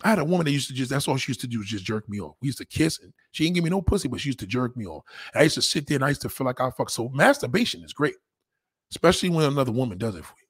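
A man in a blunt, crude, rambling monologue, talking fast and casually. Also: medium pitch, big pitch swings, fairly bright tone, husky, no echo, clean studio sound.

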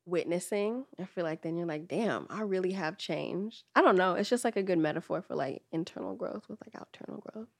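A young woman chatting as a podcast guest, her voice sitting a little low. She is relaxed and slangy, swears freely and lets asides drop to a mumble. The recording is dry and close. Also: fast, creaky, hardly any pauses, dry recording. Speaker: podcast guest, grad student in counseling. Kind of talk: casual conversation.

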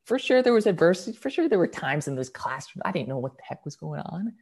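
Young man, podcast guest; lively, enthusiastic storyteller with sudden bursts of energy. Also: on the high side, slightly rough. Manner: animated, excited storytelling with quick bursts. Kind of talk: storytelling in casual conversation.

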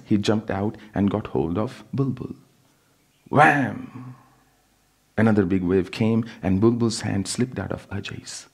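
A spiritual teacher reading his own book aloud in a calm, measured storytelling manner. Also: fairly low pitch, gravelly, slightly rough.

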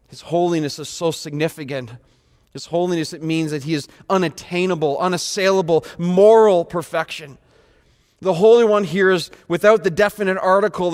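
Man, preacher, sermon, hushed to shouting, echoing church hall. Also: high-pitched. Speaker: pastor.

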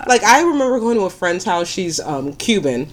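This woman co-hosts a podcast in casual chat. Her voice sits low, and her pitch swings widely as she talks. She makes dry, wry jokes and laughs often. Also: sing-song, normal speed. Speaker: podcast co-host.

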